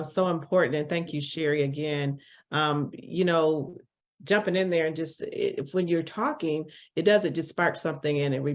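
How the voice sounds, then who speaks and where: A woman hosting an online support meeting on a video call, halting and thankful, restarting sentences. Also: sits low. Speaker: meeting host.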